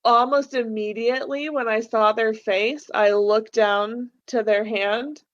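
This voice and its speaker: Young female podcast guest, slightly high pitch, lo-fi sound, chatty, acts out quotes. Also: fairly even intonation, measured pace, a bit bright. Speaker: podcast guest, host's wife. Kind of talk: casual chat.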